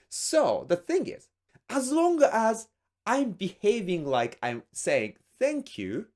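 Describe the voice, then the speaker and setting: A man hosting a language lesson, explaining in an animated, playful way with spoken demonstrations. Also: a little high. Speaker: language teacher and host.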